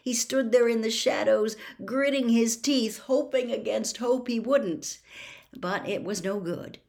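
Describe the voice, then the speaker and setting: A woman reading a storybook aloud as narrator, slow and measured. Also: on the high side, vocal fry, a little mellow.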